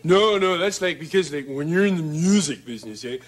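A man's voice: fairly high pitch, animated, brisk. A man playing a Canadian rock singer in a comedy sketch, easygoing and slipping in "like" and "eh". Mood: amused. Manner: easygoing, slips in "like" and "eh". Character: Canadian rock singer hiding his hoser side. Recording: archive TV clip with loud audience.

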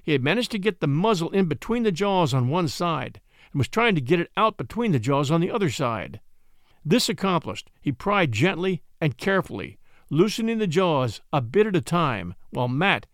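A man narrating an adventure story aloud in an expressive, dramatic reading. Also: fairly high pitch, normal speed, no echo, studio quality. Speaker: audiobook narrator.

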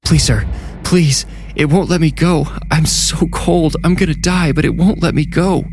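A man voicing a desperate, freezing man who begs frantically in a high, strained voice. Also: measured pace, a little mellow, slight background noise. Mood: pleading. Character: desperate freezing man's voice, trapped and pleading.

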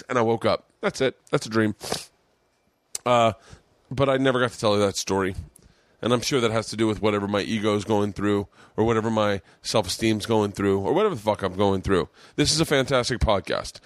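A man in his forties hosting a podcast, telling a rambling, profane story with excitable energy. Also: medium pitch, no echo. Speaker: podcast host. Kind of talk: casual storytelling monologue.

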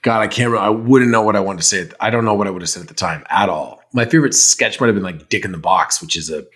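A man's voice: fairly low pitch, fast talker, a bit bright. A man in casual chat answering fan questions, rambling and candid, swearing now and then. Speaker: podcast host, actor.

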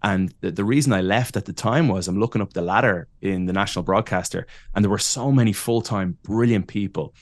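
A man in his thirties with an Irish accent, a podcast guest telling lively, self-deprecating stories and laughing often. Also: lowish voice, brisk, hardly any pauses, no echo. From Ireland. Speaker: podcast guest, wrestling announcer. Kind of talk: casual interview storytelling.

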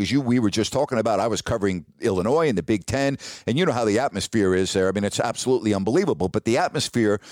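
A middle-aged man spins a long, lively anecdote about his broadcasting career. His voice sits low, and the sound is dry and close with no room around it. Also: no echo. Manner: animated anecdotal storyteller. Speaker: sportscaster guest. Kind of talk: casual storytelling on a podcast.

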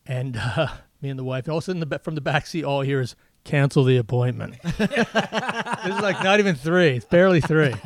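A man's voice: on the high side, quick pace, no echo. A man telling funny family stories on a podcast, acting out his kids' lines as he goes. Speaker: guest comedian.

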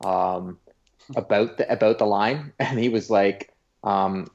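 A man with a somewhat low voice, co-hosting a casual sports podcast with wry asides and halting restarts. The audio is a little muffled and lo-fi. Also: vocal fry, a little mellow. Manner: wry, conversational, a bit halting. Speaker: podcast co-host. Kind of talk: casual hockey chat.

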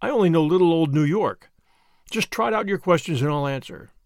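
A man's voice: a little high, animated, fairly quick, vocal fry, a little mellow, dry recording, studio quality. A man voicing a brash, impatient businessman in his thirties with an American accent. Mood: blunt. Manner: blunt, impatient.

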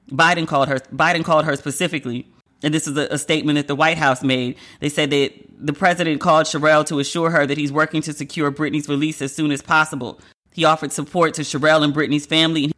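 Brief: woman host, casual news commentary, bright tense tone, chatty and candid with side remarks. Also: low-pitched. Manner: candid and rambling, with asides. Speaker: podcast host.

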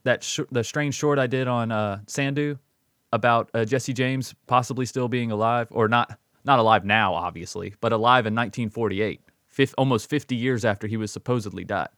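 A man's voice: mid-range voice, normal speed, fairly bright tone, dry recording, clean studio sound. A man co-hosting a podcast in casual chat, easygoing, swearing freely and calling his friend bro and dude. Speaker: podcast co-host.

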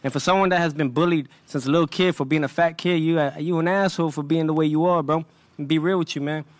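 Brash swaggering young boxing champion. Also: male voice, fairly high pitch, steady tone, fast talker, no echo. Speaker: boxing champion at a press conference. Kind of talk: press conference trash talk.

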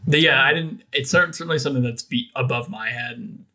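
A man's voice: medium pitch, a little fast, pushed and bright. A man co-hosting a casual film podcast, musing hesitantly with many restarts. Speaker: podcast co-host.

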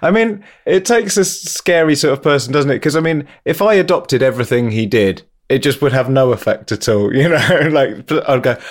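A man's voice: medium pitch, moderate pace, hardly any pauses. A man hosting a podcast, chatting casually and joking at his own expense. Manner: self-deprecating, laughs easily. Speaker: podcast host. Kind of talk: casual chat.

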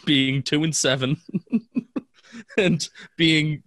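A man's voice: on the high side, very slow, a bit bright, no echo, clean studio sound. Teasing male podcast co-host. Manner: teasing banter with his co-host. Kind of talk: casual chat.

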